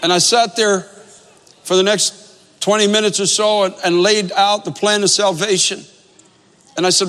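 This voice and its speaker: High-voiced preacher in a reverberant hall. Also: male voice, level tone, normal speed, pauses often, fairly bright tone. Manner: earnest storytelling, repeats phrases for emphasis. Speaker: pastor. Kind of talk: sermon with storytelling.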